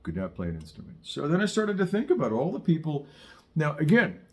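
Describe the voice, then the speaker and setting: A man's voice: a little high, wildly swooping pitch, brisk. A middle-aged man teaching saxophone in a casual, chatty way, wandering into wry asides and digressions. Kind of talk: casual spoken lesson. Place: studio in Southern California.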